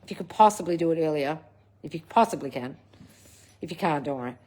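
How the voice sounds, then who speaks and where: A woman's voice: deep voice, animated, fast, darkish tone. A woman hosting a casual livestream, answering viewer comments in a blunt, scolding coach manner with plenty of swearing. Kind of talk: casual live chat, reading out comments.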